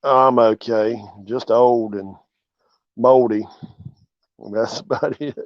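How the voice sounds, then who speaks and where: A laid-back channel host with a drawl chats casually on a livestream from his porch outdoors, greeting viewers by name as they arrive. His mid-range voice is steady and slow. The recording is dry and close, with a dull, lo-fi quality.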